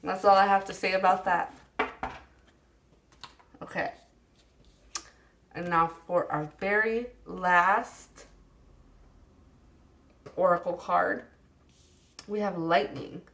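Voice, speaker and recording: Woman, tarot reader, low-pitched voice; affectionate and playful, scolds the cards in mock annoyance. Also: fairly even intonation, slow, pauses often, fairly bright tone. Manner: reads card texts aloud, then riffs on them. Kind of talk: casual pick-a-card tarot reading.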